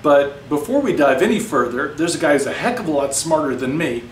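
A man's voice: fairly high pitch, animated, fairly quick. Guy teaching middle school science, friendly and chatty, kinda far from the mic, roomy echo. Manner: encouraging, chatty teacher talk. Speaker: seventh grade science teacher. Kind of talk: recorded video lesson. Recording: echoey room, mic far off, faint hiss.

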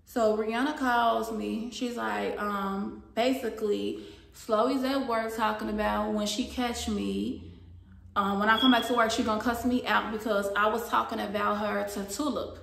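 A young woman telling a story from her workplace to her viewers, animated and blunt, swearing freely. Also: mid-range voice, a little slow, gravelly. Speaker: vlogger. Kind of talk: casual storytime chat. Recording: echoey room.

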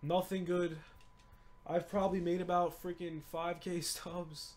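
A young man giving excited, pleading commentary while opening game card packs, swinging from low mutters to loud shouting. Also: unhurried. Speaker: gaming YouTuber.

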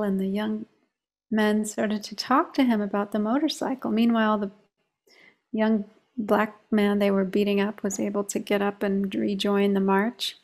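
A woman meditation teacher speaking in a calm, measured way, telling a story during a reflective discussion on meditation. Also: mid-range voice.

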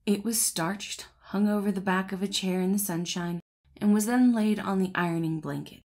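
A woman's voice: mid-range voice, fairly even intonation, normal speed, a little mellow. A woman host narrating a classic fairy tale as an audiobook, greeting listeners in a friendly, chatty way before reading steadily. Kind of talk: storybook narration.

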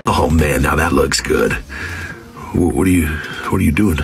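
A man's voice: very deep voice, a little slow, gravelly, soft background music. Incredulous man reacting with laughs. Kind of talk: casual reaction.

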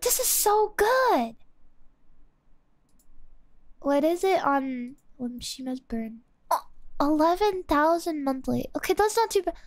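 A young woman streamer reacting to music on a live stream, with a high voice and an excitable, casual way of talking. She speaks slowly and exclaims often. The sound is dry, with no room echo.

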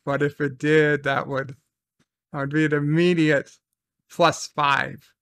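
Guy doing a rambly tv episode recap, talks slow, keeps repeating himself, drops a swear here and there. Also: on the high side, flat delivery, fairly bright tone, dry recording. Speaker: TV episode reviewer. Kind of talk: casual spoken episode recap and review.

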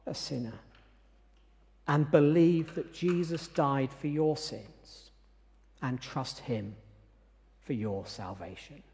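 A man preaching a sermon in a measured, emphatic way, pausing often to stress his words. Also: mid-range voice, a little mellow. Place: church. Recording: reverberant church sanctuary.

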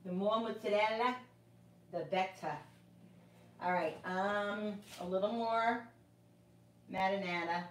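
A woman's voice: medium pitch, slow pace, pauses often, recorded from a distance. Middle aged lady cooking live in her kitchen, rambly storyteller, echoey room. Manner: rambling, repetitive storytelling with many restarts. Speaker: cooking livestream host. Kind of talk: casual chat while cooking. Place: home kitchen. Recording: echoey room, voice away from the mic.

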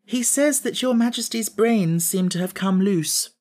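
A man's voice: sits high, big pitch swings, normal speed, a little mellow, voice pushed up. A man voicing a mischievous young palace maid who teases the king, in a storybook audiobook. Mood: teasing. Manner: teasing, cheeky. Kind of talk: audiobook character voice.

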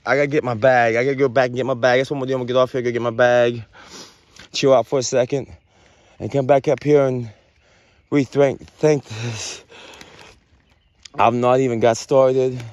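Excited man rambling outdoors in the woods. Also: medium pitch, moderate pace, long pauses, no room sound, highs cut off. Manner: excited, rambling, talks to mushrooms playfully. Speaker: vlogger. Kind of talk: casual outdoor vlog narration.

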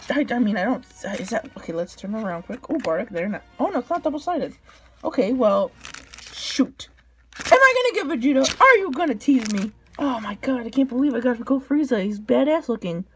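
Young adult woman, excitable fan vlogger; high, lively, husky delivery over faint music. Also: moderate pace. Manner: squealing, gushing fan, frequent gasps and laughs. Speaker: card unboxing vlogger. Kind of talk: excited unboxing commentary.

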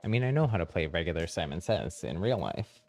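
Deep-voiced, easygoing streamer man. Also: fairly quick, vocal fry. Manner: relaxed, hesitant, laughs often. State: a little hoarse. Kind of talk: casual live-stream chat.

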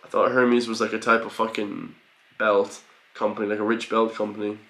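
A man giving an excitable, profane reaction commentary, full of loud exclamations. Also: lowish voice, normal speed, background noise. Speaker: reaction video host. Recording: roomy home recording with faint music.

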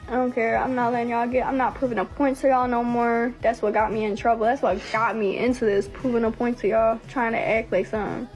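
A woman's voice: fairly high pitch, flat delivery, brisk, hardly any pauses, faint music behind. A young woman hosting a livestream, venting bluntly and heatedly with plenty of swearing. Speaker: livestream host.

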